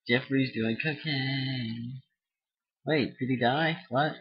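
A young man with a mid-range, gravelly, slightly rough voice commentates slowly on an online board game. His casual let's-play talk is goofy and giggly, and he breaks into silly made-up songs. It's a dull lo-fi home recording.

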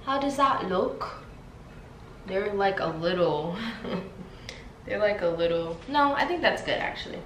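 A woman's voice: medium pitch, animated. A young woman vlogging from her home in a chatty, sassy way, putting on a British accent. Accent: put-on British. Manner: chatty, sassy, slow and drawn out. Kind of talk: casual vlog chat. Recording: roomy echo, faint room noise.

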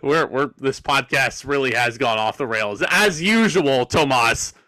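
A man's voice: medium pitch, expressive, a little slow, bright, forceful tone, no echo. A man co-hosting a podcast in casual chat, talking emphatically and laughing often. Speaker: podcast co-host.

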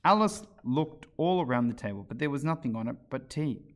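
A man reading a children's book aloud as a storyteller, with an expressive narration. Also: mid-range voice, fairly quick, vocal fry, few pauses. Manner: expressive, animated read-aloud.

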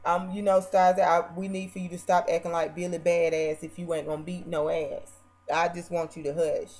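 A woman's voice: fairly low pitch, little pitch movement, a little fast. Brash, profane woman ranting. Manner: theatrical, swings between loud and muttered. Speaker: vlogger. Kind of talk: casual reality-TV rant.

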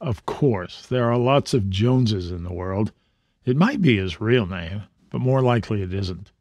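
A man reading the part of a genial middle-aged detective father, calm and measured. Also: on the low side, no room sound, highs cut off.

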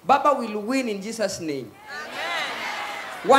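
A man with a Kenyan accent performing a loud stand-up comedy set on a live stage, mixing Swahili and English and acting out voices. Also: very high voice, animated, fairly quick, pauses often, music in the background. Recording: echoey live venue with faint ambience.

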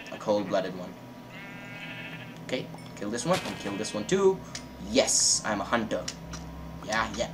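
A man's voice: medium pitch, noisy background. Chatty man narrating his own gameplay. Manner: chatty, repeats words in bursts while playing. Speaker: gaming channel host. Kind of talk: casual gameplay commentary.

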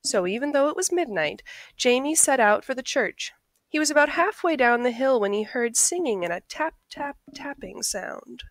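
A woman reading a picture book aloud in a friendly, expressive storytelling voice. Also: sits high, moderate pace, no room sound. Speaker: storybook reader.

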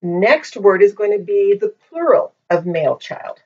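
A woman teaching a language lesson in a patient, methodical way, pausing often with ums, recorded on a poor-quality microphone. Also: mid-range voice, sing-song. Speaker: Hebrew teacher. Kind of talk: slow explanatory lesson. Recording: dull lo-fi microphone.

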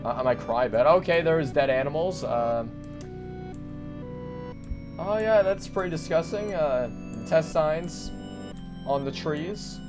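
A young man narrating his own gameplay, hyper and rambling with a slightly high voice. He cracks jokes and breaks into sudden loud outbursts. Faint game music plays behind him. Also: lively intonation, a little slow, pauses often. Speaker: gaming commentator. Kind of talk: let's play commentary.

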